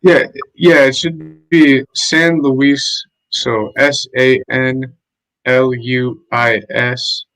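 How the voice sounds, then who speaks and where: A man's voice: mid-range voice, little pitch movement, very slow, fairly bright tone, rough recording. A man chatting casually on a home livestream, laid-back and chatty, leaning on "like" a lot. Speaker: guest streamer. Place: home, living in Lima. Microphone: streaming mic setup.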